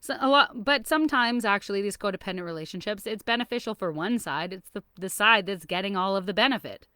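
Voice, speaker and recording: Lively woman giving relationship advice. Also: medium pitch, fast talker, clean tone, dry recording. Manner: lively, laughs often, acts out little scenes. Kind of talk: casual advice talk to camera.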